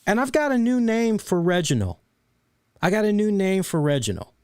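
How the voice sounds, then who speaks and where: In clean studio sound without any echo, a podcast host with a high-pitched, clean-toned voice speaks at normal speed. His casual wrestling review is an animated rant full of sarcasm, swearing and phrases repeated for emphasis.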